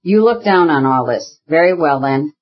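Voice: medium pitch, lively intonation, moderate pace, highs cut off, close to an everyday voice. A reader voicing a bitter, agitated radical brother. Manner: heated, argumentative, bursts into shouting.

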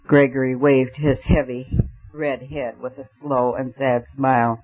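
A man reading a novel aloud in measured, storytelling narration. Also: mid-range voice, little pitch movement. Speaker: audiobook narrator. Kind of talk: scripted narration. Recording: dull lo-fi recording.

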